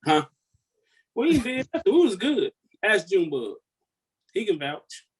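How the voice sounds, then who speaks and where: Man, slightly high voice, lively pitch, playful trash talk. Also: unhurried, breathy edge, rough recording. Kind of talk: casual comedic podcast banter.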